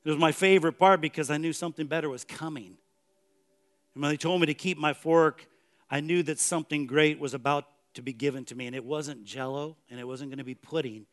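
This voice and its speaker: A man voicing a calm, hopeful elderly churchwoman in a sermon story, speaking softly. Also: fairly high pitch, fairly quick, natural voice.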